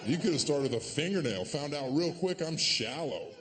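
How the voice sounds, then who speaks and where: Male stand-up comic, deadpan sarcasm, somewhat high animated voice, live stage mic, clear audience noise. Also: moderate pace, big-room sound. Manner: sarcastic, deadpan, with sudden loud put-on voices. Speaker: stand-up comedian. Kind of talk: stand-up comedy set.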